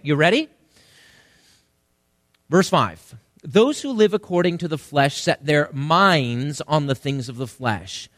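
A man's voice: fairly high pitch, a bit bright, no echo, studio quality. A male pastor preaching an emphatic sermon and asking the congregation questions.

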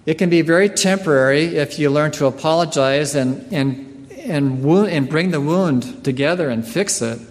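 Slow earnest preacher man, echoing hall. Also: a little high. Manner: slow, earnest, frequent throat clearing. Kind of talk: sermon. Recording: long hall reverb.

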